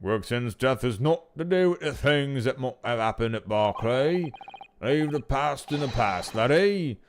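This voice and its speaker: A man voicing a gruff old prison governor with a put-on Scottish accent, brusque and folksy, using Scots words while reading game dialogue. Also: mid-range voice, expressive, unhurried, pitched above the performer's own voice, natural voice.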